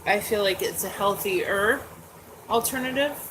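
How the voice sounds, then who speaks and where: A forty-something woman talks openly in a relaxed, rambling way, filling gaps with "like" and "um". Her voice sits at a middle pitch. Clear background noise runs under the recording. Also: a little slow. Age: 40s. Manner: candid, chatty, lots of "like" and "um". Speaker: host. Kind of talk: casual chat. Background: dogs nearby.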